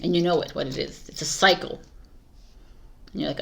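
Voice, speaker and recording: Tarot reader, woman, low-set voice, casual and emphatic, lots of self-corrections. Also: brisk, creaky, slight background noise. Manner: casual, repetitive restarts, emphatic advice. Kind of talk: spoken tarot reading to viewers.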